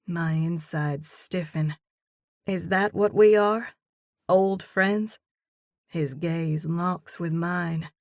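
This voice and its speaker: A woman's voice: fairly low pitch, takes it slowly, no echo, studio quality. A woman narrating a first-person romance audiobook expressively, voicing the heroine's own lines as she goes. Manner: expressive, reads in character as heroine.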